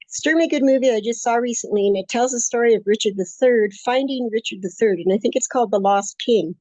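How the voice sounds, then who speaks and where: A woman's voice: a little high, fast talker, mellow, no room sound, poor audio. A woman in her late sixties, talking in a chatty, upbeat, rambling way as a guest in an interview. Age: 60s. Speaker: course student interviewee. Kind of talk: casual interview conversation.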